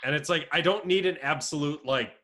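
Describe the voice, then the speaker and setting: A man's voice: on the high side, brisk. A young man co-hosting a podcast, chatting casually and telling stories with frequent laughter. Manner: laughs often, animated storytelling. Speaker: podcast co-host. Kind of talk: casual chat.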